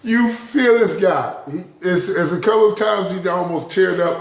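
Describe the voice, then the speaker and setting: A man's voice: high-pitched, animated, measured pace, gravelly, few pauses, slight background noise. A man giving a rambling, casual spiritual talk to camera, chuckling often between phrases. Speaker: vlogger. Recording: roomy echo.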